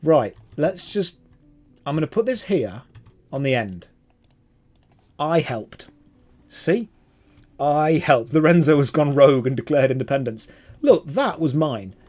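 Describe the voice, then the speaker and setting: A man live-streaming a game, riffing with his chat and teammates in an animated, self-mocking way. His voice sits a little high but sounds mellow and relaxed. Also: a little slow, long pauses. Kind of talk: casual live-stream chat while gaming.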